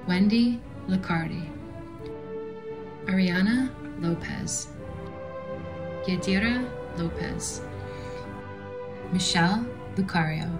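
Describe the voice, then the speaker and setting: A woman advisor reading graduates' names aloud one by one in a measured way. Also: on the low side. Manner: slow, measured name reading. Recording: music playing behind.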